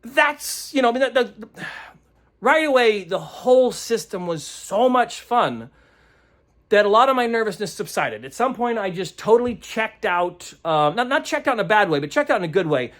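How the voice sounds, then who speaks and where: A man's voice: high voice, big pitch swings, moderate pace, fairly bright tone. A man who runs tabletop games, recapping a session in a rambling, casual way, searching aloud for words and chuckling often. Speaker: game master.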